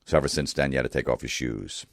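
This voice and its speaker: Exasperated and profane, a comedian fires off a rant of stacked rhetorical questions in an extremely low, creaky voice, talking fast. The sound stays close and dry, without echo or any room around it.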